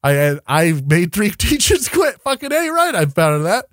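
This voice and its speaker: Animated, ranty man on a podcast. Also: fairly high pitch, normal speed. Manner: animated, profane, ranting. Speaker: podcast co-host. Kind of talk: casual podcast chat.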